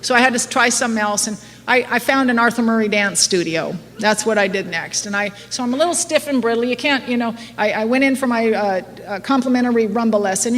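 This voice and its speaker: A woman's voice: fairly high pitch, fast, few pauses. A middle-aged woman giving a candid, self-mocking recovery talk to a live audience, laughing often. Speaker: AA speaker. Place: meeting hall before an audience. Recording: live hall with long reverb, faint noise.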